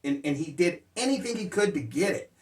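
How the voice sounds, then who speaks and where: A man recounts his life lessons in a loose, rambling style, full of filler words and blunt, salty talk. His voice sits a touch higher than most men's. He sounds set back from the microphone in an echoey room. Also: expressive, brisk. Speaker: motivational speaker sharing life lessons. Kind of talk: casual personal storytelling. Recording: roomy sound, distant mic.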